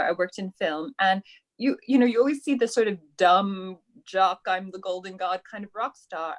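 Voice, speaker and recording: Enthusiastic woman interviewer. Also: a little high. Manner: enthusiastic, thinks aloud with fillers. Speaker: festival interviewer. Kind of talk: conversational interview. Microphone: video call.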